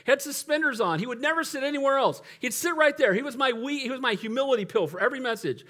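Speaking fast and forcefully in a very high-pitched, bright voice, a middle-aged pastor delivers a conversational, funny sermon. Laughter comes often, as do his requests for an amen.

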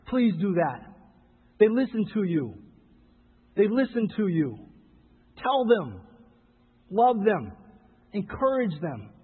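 Man preaching a sermon, impassioned, pleading, husky voice, thin phone-like sound. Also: fairly high pitch. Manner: impassioned, pleading, rising to loud exhortation. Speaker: pastor. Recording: phone-like sound with long hall reverb.

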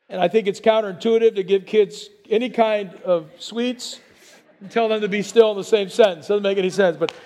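High-voiced man preaching a conversational sermon. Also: moderate pace. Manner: conversational preaching with asides and repetitions; drops to a hushed voice on calm phrases. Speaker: pastor.

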